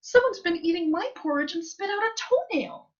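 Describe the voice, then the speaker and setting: A woman voicing a tiny, whiny male Baby Bear in a storybook reading, squeaky, very high and loud. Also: expressive, moderate pace. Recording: muffled live-stream audio.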